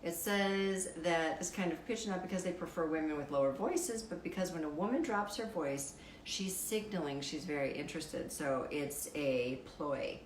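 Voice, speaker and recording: A woman with a deep, raspy voice hosting a casual live stream, reading out fun facts and viewer comments in a wry, playful way, swearing freely. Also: normal speed, hardly any pauses, reverberant, slight background noise, rough recording.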